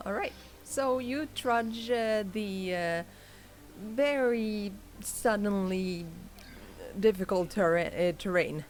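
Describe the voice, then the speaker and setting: A woman hosting a tabletop game stream as game master, talking slowly and hesitantly and laughing often. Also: mid-range voice. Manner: slow, hesitant, giggly. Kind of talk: casual tabletop game narration.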